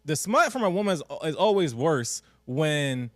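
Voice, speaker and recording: A young man co-hosting a casual podcast, telling a story in an expressive way and laughing often. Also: fairly high pitch, normal speed, dry recording, studio quality.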